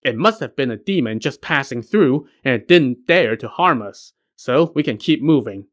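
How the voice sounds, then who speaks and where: A man voicing a brash, quick-talking monkey king who explains things with confident swagger. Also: mid-range voice, animated, highs cut off, lightly acted.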